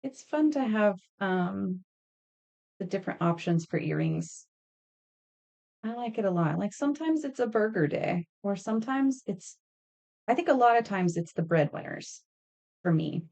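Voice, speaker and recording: This woman in her thirties, a craft streamer, makes earrings on a live stream and talks casually with her audience, laughing, telling stories, and replying to chat. Her mid-range voice is creaky and darkish, with lively intonation at a normal speed, and she pauses often.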